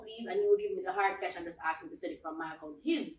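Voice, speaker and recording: A young woman co-hosting a podcast in casual chat, lively and laughing, quoting her family. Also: lowish voice, fast talker, recorded from a distance. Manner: lively, laughs often, quotes family members. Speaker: podcast co-host. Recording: roomy echo, away from the mic, faint background noise.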